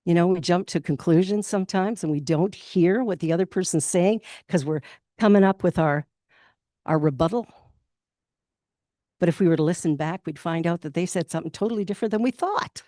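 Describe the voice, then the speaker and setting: A Canadian woman gives a relaxed sermon in a chatty, candid way, acting out little quotes as she goes. Her voice sits a touch low for a woman. The sound is dry and close, with little room around it. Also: fairly quick, dry recording. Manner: chatty and candid, laughs often, acts out quotes. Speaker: minister. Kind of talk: casual spoken sermon. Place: spiritual centre in Toronto.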